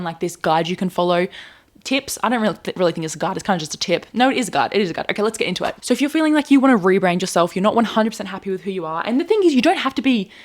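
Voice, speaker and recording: A young woman talks quickly in a loose, rambling monologue, full of fillers and restarts. Her voice sits at an ordinary pitch for a woman. She speaks into a handheld microphone like a casual podcast host. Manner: rambling and animated, lots of filler words and self-corrections. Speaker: podcast-style video host.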